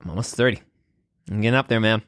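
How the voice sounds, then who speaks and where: A man's voice: on the low side, fast, a bit bright, no echo. Rambling young man, dry close sound. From Wisconsin, US. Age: 20s. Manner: rambling and hesitant, many ums and restarts, laughs often. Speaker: podcast host. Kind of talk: casual solo podcast monologue. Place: room at home with guitars on the wall.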